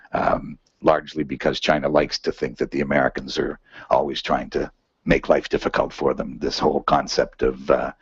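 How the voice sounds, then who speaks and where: A man speaks in a very deep, husky voice, lecturing to a seminar room in a loose conversational way. He fills pauses with "uh" and keeps checking in with "right?". The recording is muffled and dry. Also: no echo. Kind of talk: academic lecture.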